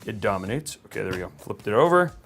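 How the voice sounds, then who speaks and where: A man's voice: fairly low pitch, big pitch swings, fast talker, vocal fry, a bit bright, faint music behind. A man hosting a live PC-building stream from a studio. He chats casually and cheerfully and rambles with plenty of fillers. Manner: chatty, upbeat, rambling with fillers. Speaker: livestream host building a PC.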